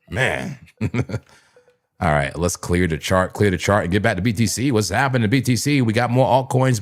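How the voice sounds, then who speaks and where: A man hosting a live crypto trading stream, talking through charts in a loose, chuckling way and slipping into a mock preacher's call-and-response. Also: lowish voice. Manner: animated, preachy mock-sermon bursts with chuckles. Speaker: crypto trading livestream host.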